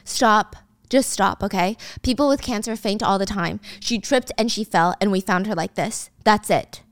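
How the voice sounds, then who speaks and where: Girl doing a heartless husband voice, flat and dismissive, dry close sound. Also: mid-range voice, normal speed, dry recording, natural voice. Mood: cold. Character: cold, callous adult husband.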